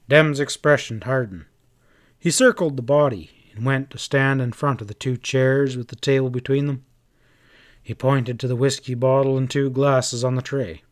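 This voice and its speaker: A man narrating a western novel aloud in a steady, even storytelling manner. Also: mid-range voice, moderate pace. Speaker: audiobook reader.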